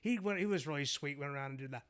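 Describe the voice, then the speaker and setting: A man's voice: a little high, racing, fairly bright tone, clear, resonant tone. Older man reminiscing with many fillers. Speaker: guest, former restaurant owner. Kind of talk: casual interview chat.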